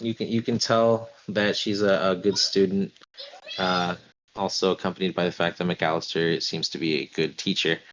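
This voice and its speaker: Low-voiced game master, halting narration. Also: male voice, slight background noise. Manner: relaxed, halting, many fillers. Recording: dull lo-fi stream audio.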